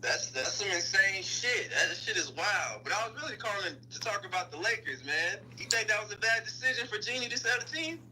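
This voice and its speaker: A man from Fort Worth, Texas, calling in by phone and chatting casually with a relaxed, profane manner. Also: sits high, a little fast, few pauses, slight background noise, rough recording. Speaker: caller. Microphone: phone call.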